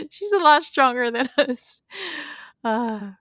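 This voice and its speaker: A woman's voice: sits high, animated, drawn-out words, a bit bright, dry recording, studio quality. A middle-aged woman co-hosting a podcast, chatting casually and laughing often as she recaps a show. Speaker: podcast co-host. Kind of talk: casual chat.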